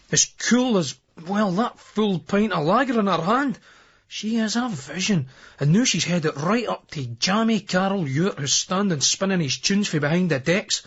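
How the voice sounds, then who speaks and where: A man's voice: sits high, breathy edge. Scottish man narrating an audiobook. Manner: brisk, earthy dialect reading full of swearing. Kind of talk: first-person novel narration. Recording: dull lo-fi remastered audiobook.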